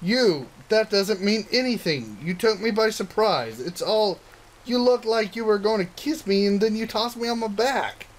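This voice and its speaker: A man's voice: high voice, animated, normal speed, pitched above the performer's own voice, rough recording. A man putting on a boastful young warrior girl. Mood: flustered. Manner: proud and bragging, then flustered. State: hoarse.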